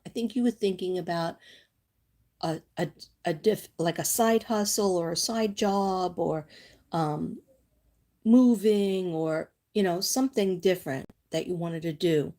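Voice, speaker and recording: A woman hosting a casual psychic livestream, talking straight to her viewers with reassuring, rambling warmth and reading aloud from oracle cards. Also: on the low side. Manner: chatty, reassuring, drifts off on tangents; reads from oracle cards and speaks to viewers by name.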